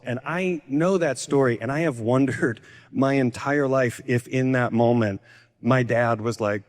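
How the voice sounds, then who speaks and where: A man performing a stand-up comedy set, self-deprecating, often jumping up in pitch to play the people in his stories. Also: expressive, moderate pace. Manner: self-deprecating, jumps into high-pitched voices for quoted people. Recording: echoey hall reverb.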